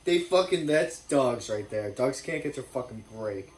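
A young man reacts to a football game in loose, swearing bursts of excitement and complaint. His voice carries an echoey room sound, with background noise running under it. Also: mid-range voice, unhurried. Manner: excitable, profane, bursts of cheering. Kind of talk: casual live reaction commentary. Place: indoor room watching TV.

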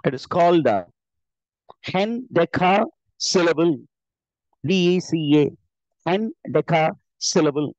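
A man's voice: a little high, lively intonation, slow pace, long pauses, darkish tone, no echo. A man with an Indian English accent teaching a live online lesson, explaining step by step with many filler "uh"s and self-corrections. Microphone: computer mic on an online class call. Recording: dull, dry online call audio.

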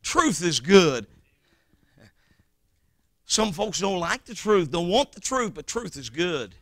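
A man preaching a revival sermon, swinging between loud shouted lines and quiet, hushed scripture quotes. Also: high voice, sing-song, moderate pace, dry recording.

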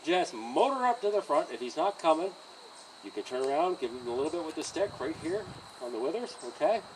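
A man training a horse outdoors by a trailer, coaching a student in an encouraging, animated way and often laughing. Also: on the high side, a little fast. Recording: distant outdoor mic with insect noise.

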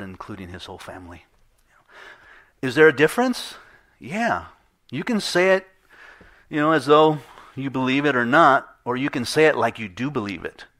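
A man's voice: medium pitch, fairly bright tone. A middle-aged man preaching a sermon in a conversational way, acting out the voices he quotes. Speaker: pastor.

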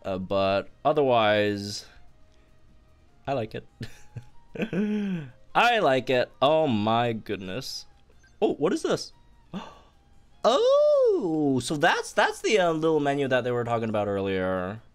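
A young man giving excited commentary on a game update, bursting into squeals and laughter as he talks to viewers. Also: medium pitch, slow, soft background music. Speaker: gaming youtuber.

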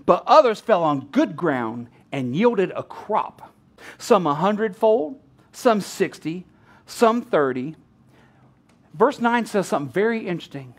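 A male pastor in middle age delivers a sermon in an unusually high voice. His pitch rises and falls with great animation, and he often breaks into laughter while acting out the people in his story. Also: very animated, unhurried, slightly rough.

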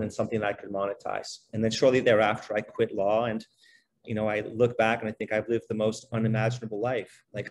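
Guesting on a podcast, a middle-aged man who trains basketball players recounts his life in easygoing conversation, his words rushing out animatedly and packed with "you know" and "like." His voice sits fairly low, and the recording has a little hiss or hum.

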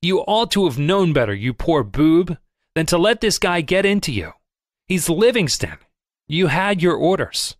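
Man voicing a bucket-shop bully, brash, snarling, high-pitched, lively, dry close recording. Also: moderate pace, hardly any pauses, no echo. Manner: snarling, then fussed and begging. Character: brash, pushy bucket-shop man from out of town, turning pleading.

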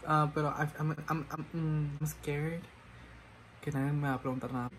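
Rambling, self-mocking man, slightly high voice. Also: level tone, racing, a bit bright, slight background noise, poor audio. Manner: rambling, self-mocking, switches languages mid-sentence. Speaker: makeup vlogger. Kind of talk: casual chat while doing makeup.

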